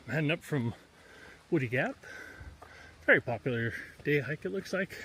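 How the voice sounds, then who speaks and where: A man records a casual trail vlog outdoors, speaking in an unhurried, chatty way with frequent pauses. His voice sits a bit high and has a bright, forward edge. Faint outdoor ambience hums behind him. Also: lively intonation, slight background noise. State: panting on uphill. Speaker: hiker vlogger.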